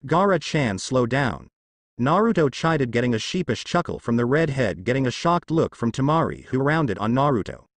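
A man reading a fanfiction story aloud as steady, scripted narration. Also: medium pitch, brisk, hardly any pauses, no echo.

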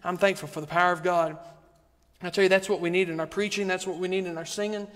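Male preacher, high voice, rhythmic repeated refrains, long church reverb. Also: steady tone, fast, a bit bright. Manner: rhythmic, repetitive preaching with rising emphasis. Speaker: guest preacher. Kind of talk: sermon. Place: church sanctuary.

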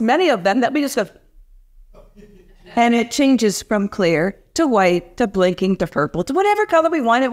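A woman making a playful, mock-formal debate case in a chatty way. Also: high-pitched.

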